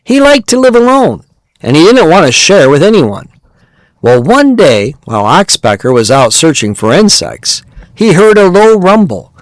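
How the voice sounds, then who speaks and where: Slow, expressive man narrating a story. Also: medium pitch, no echo. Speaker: podcast host.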